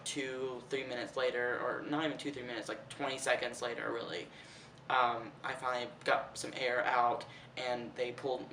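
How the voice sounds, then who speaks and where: A man's voice: medium pitch, a little hiss or hum. Chatty young man, roomy distant sound. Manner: animated and chatty, peppered with "like", swears freely. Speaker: vlogger. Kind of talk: casual chatty vlog. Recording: roomy echo, heard from a distance.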